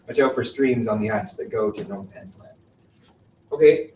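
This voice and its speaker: A man's voice: lowish voice, moderate pace, a little mellow. A man giving a classroom lecture on glaciers, quizzing the class and explaining patiently. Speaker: mountaineering instructor. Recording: roomy, distant mic with faint noise.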